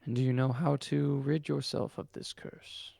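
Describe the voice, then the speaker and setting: A man's voice: mid-range voice, level tone, moderate pace, gravelly, warm tone, breathy edge, no echo. A man playing a tabletop game, speaking earnestly in character. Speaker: player.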